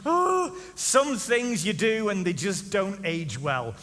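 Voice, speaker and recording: A man's voice: high voice, big pitch swings, takes it slowly, noisy background. A man in his forties preaching a comedic sermon in a church, teasing the crowd and asking it questions. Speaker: pastor. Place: church auditorium. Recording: reverberant church hall.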